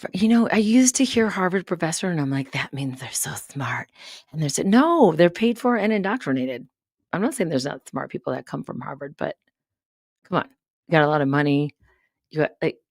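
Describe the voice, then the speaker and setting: A woman live-streaming a casual monologue, sarcastic and rambling, swearing often and breaking into quick asides. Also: lowish voice, a little mellow, dry recording, clean studio sound. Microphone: studio mic up close.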